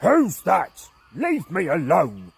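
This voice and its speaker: A man voicing a grumpy, hot-tempered caveman who shouts and yelps. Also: sits high, huge pitch swings, takes it slowly, husky, pitched above the performer's own voice, full character voice. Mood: furious. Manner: shouting and yelping.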